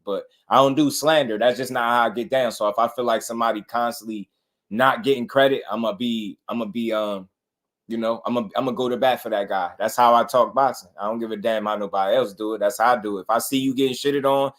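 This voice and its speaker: A man's voice: medium pitch, fairly even intonation, quick pace, fairly bright tone. Laid-back man hosting a boxing livestream. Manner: laid-back, slangy, greets chat by name. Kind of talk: casual livestream chat.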